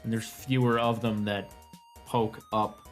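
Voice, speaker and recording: A man's voice: fairly low pitch, level tone, unhurried, soft background music. A man running a tabletop game as game master, describing the scene casually and vividly, with some swearing.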